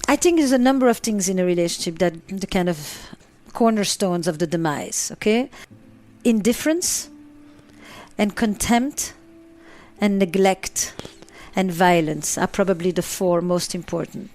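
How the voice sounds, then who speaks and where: A woman's voice: lowish voice, unhurried, a little mellow, soft background music. A woman therapist answering interview questions, stressing points by repeating and listing words. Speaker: relationship therapist.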